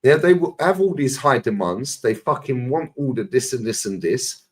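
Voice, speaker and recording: A man's voice: mid-range voice, animated, moderate pace, slightly rough. A man with a London accent, telling stories and ranting bluntly in a casual podcast chat, full of swearing. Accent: London English. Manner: blunt, swearing, storytelling with acted quotes.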